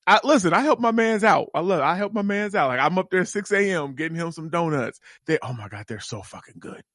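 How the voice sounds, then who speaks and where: A man, co-hosting a gaming podcast in casual chat, animated and profane, telling stories with lots of enthusiasm. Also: high voice, fairly quick, no echo, studio quality. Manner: animated, profane, excitable storyteller. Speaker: podcast co-host.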